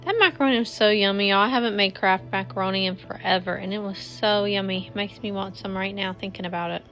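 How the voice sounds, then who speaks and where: A woman's voice: mid-range voice, fairly even intonation, quick pace, a bit bright. A woman, chatting casually to viewers while cleaning her home kitchen. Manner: chatty, addresses viewers as y'all. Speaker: cleaning vlogger. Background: faint music.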